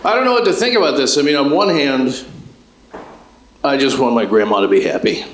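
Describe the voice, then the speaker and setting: On a comedy club stage in roomy live sound, a stand-up from Chicago holding a handheld mic spins dry, offhand family stories with quick asides and questions to the audience. His voice is at an everyday pitch but swings widely, and a faint hum of the room sits under it.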